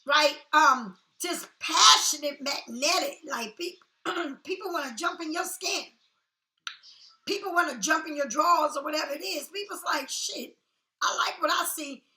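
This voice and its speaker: Blunt, sassy female tarot reader, high and bright, echoey room. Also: moderate pace. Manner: blunt, sassy and talkative, swears freely. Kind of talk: casual tarot reading.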